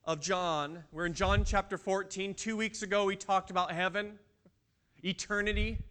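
A man's voice: high-pitched, fairly even intonation, normal speed, a bit bright, smooth. A man preaching a sermon in a church, telling a story and asking the congregation questions. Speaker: pastor.

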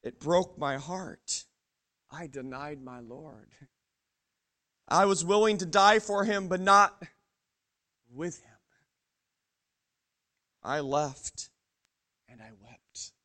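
A man playing a remorseful male disciple, telling his denial in a dramatic first-person monologue with hushed, broken pauses. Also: a little high, pitched below the performer's own voice.

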